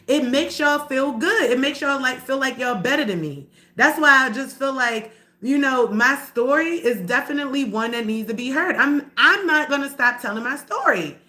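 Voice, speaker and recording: A woman from the Baltimore area tells her own story to live-stream viewers, addressing them as y'all and pushing back hard at doubters. Her voice sits a little high, with a bright, forceful tone, and she's blunt, profane, heated and confrontational.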